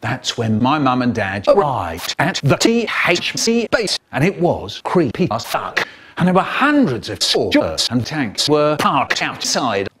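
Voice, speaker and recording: A man telling a spliced-together comic story in an animated voice that jumps into sudden squeaky highs. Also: unhurried, a crowd in the background.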